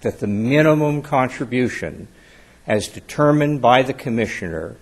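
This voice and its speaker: A man speaking as an attorney in court, giving a measured, deferential formal legal argument. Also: medium pitch, expressive. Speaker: attorney arguing before an appeals court.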